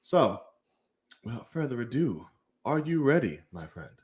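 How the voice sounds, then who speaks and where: Animated young man hosting a film podcast. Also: mid-range voice, a little slow, muffled recording. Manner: animated, swearing, hyping the channel. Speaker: podcast host. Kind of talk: casual chat.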